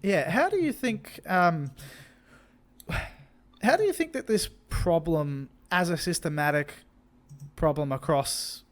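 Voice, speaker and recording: A man's voice: fairly high pitch, expressive, slow, long pauses. A young man in casual podcast chat, earnest and hesitant, often restarting and asking questions. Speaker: podcast co-host.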